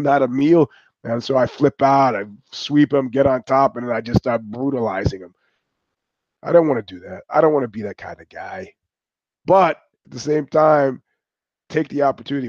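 A man's voice: medium pitch, normal speed, a little mellow, dry recording. An older man hosting a livestream, talking in a rambling, profane, digressive way. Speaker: host. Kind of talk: casual livestream monologue. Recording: dull, dry lo-fi stream audio.

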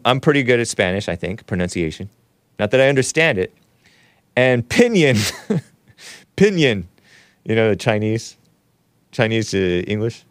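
With a clear, resonant tone and no echo, this male talk show host banters loosely on a livestream. He reads chat comments aloud, laughs a lot, and his pitch leaps upward when he plays at being surprised.

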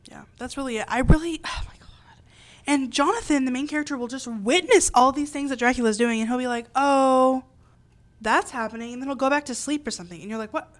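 Brief: young woman podcast co-host, slightly high voice, lively ranting delivery. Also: fast, few pauses. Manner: animated, rants with exaggerated quoted reactions. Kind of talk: casual chat.

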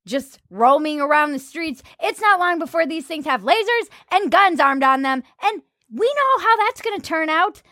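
A woman co-hosting a comedy podcast, chatting casually with a sarcastic, animated delivery and dropping into silly voices for jokes. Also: very high voice, normal speed, few pauses.

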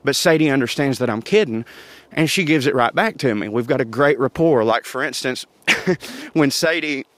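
A man's voice: medium pitch, animated, normal speed, fairly bright tone, dry recording. A man, hosting a podcast and telling family stories in a chatty way, laughing often. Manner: chatty, laughs often, Southern turns of phrase like y'all. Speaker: podcast host. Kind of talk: casual storytelling monologue.

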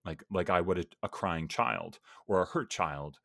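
Low-voiced man musing in podcast chat. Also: expressive, moderate pace, creaky, fairly bright tone, dry recording, clean studio sound. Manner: reflective, earnest, musing aloud with many fillers. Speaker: podcast guest or host.

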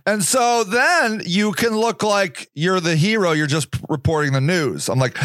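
A man's voice: a little high, animated, moderate pace, fairly bright tone, dry recording, clean studio sound. A man hosting a casual solo podcast, rambling sarcastically and mocking other people's voices. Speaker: podcast host.

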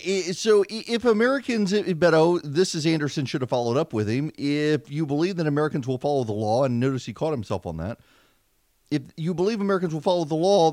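A man in his forties hosts a casual, chatty political talk radio show from his home studio, seated at a studio microphone, with a self-deprecating manner. His voice is on the high side and darkish, recorded at studio quality with no echo.

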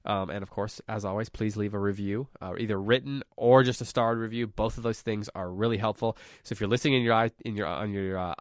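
A man with a lowish voice hosts a book podcast in a loose, chatty way. He rambles a little and corrects himself mid-sentence. The sound is dry and close. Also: no echo. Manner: rambling, self-correcting, friendly. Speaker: podcast host and teacher. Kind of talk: casual podcast chat.

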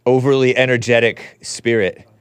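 A male show host talks casually in a mid-pitched voice, rambling and mocking as he gives his opinions. The sound is close and dry, with no room around it. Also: flat delivery, normal speed, clear, resonant tone, dry recording. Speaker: podcast host. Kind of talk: casual call-in and monologue.

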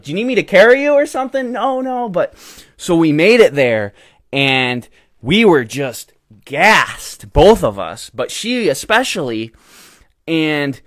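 A man's voice: medium pitch, fairly bright tone, no room sound. Indignant young man, dry close sound. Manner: indignant, ranting, rambling with many fillers. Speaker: podcast host. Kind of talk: casual storytelling monologue.

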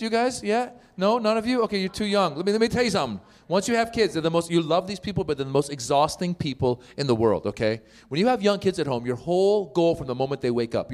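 A middle-aged man from Iran performs a lively stand-up set at a live show. His voice sits on the higher side, and he bounces between his own delivery and quick put-on voices for the people in his stories. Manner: animated, acts out voices of others, quick punchlines. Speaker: stand-up comedian. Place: live comedy show with audience.

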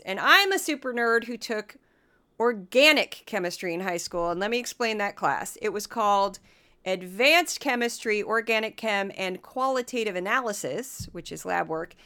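Hoarse lady podcast host, chatty, kinda sarcastic, pokes fun at herself. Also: on the high side, fairly bright tone. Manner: chatty, sarcastic, self-deprecating. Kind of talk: casual commentary podcast.

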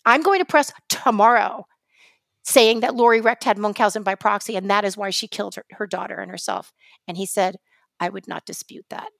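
A journalist co-hosting a podcast tells stories in a rambling, impassioned way with a New York accent. Her medium-pitched voice is brisk, gravelly, and fairly bright, with no echo, in a casual podcast chat.

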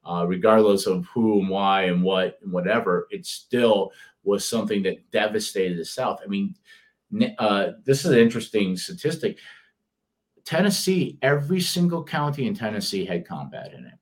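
Middle-aged man, Detroit accent, low voice, rambling casual podcast talk full of restarts. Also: lively intonation, moderate pace. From Detroit area, US. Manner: rambling, many restarts and fillers. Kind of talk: casual conversation.

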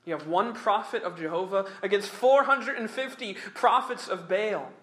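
A male preacher with a high, bright, forceful voice, delivering a sermon. He reads scripture and then drives each point home with emphasis, slowing on the key phrases and chuckling between them.

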